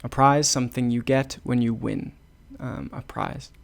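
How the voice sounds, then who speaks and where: Man, English lesson host, gravelly, slow, patient explainer. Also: medium pitch, fairly even intonation. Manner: repeats and explains words patiently. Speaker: English teacher. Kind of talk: slow storytelling lesson for learners.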